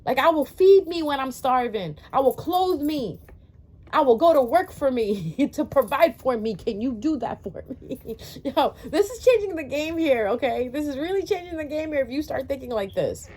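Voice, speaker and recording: She's a tarot reader speaking at normal speed in a high, expressive, darkish voice. Addressing her viewers casually, she gets blunt and preachy, curses freely, and fills her talk with rhetorical questions and fillers.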